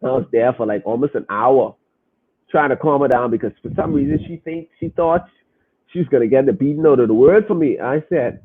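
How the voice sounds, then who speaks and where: Over tinny, phone-like audio, a man hosting a podcast addresses his listeners casually but emphatically, repeating phrases to make his point. His voice is mid-range and husky, and he talks a little fast.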